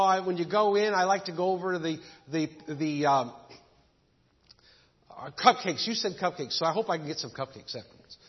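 Male pastor, joking folksy preacher, high voice, recorded dull and echoey in a church hall. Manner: folksy storytelling with jokes. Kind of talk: sermon.

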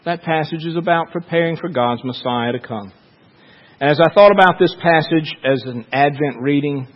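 A man preaching a sermon as a pastor, slow and measured, with dramatic pauses. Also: on the high side, long reverb tail, lo-fi sound.

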